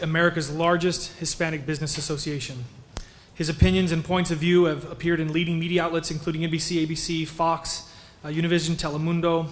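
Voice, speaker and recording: A man acting as emcee, introducing speakers in a brisk manner with some fillers. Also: a little high, slight background noise. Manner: brisk, flat delivery with fillers. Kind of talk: event introductions.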